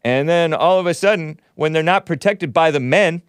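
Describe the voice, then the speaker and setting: A man's voice: fairly high pitch, normal speed, clear, resonant tone, no room sound, clean studio sound. A man hosting a solo commentary show, sarcastic and given to chuckling at his own remarks. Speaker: show host.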